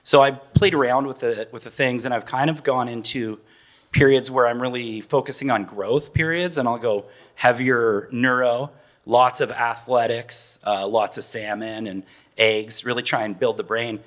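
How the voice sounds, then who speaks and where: This is a man in his forties, speaking casually as a parent guest on a panel. His voice sits at an ordinary middle pitch, and he talks in a loose, rambling way, breaking into laughs. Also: fairly even intonation, moderate pace, a bit bright. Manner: chatty, loose, often laughing.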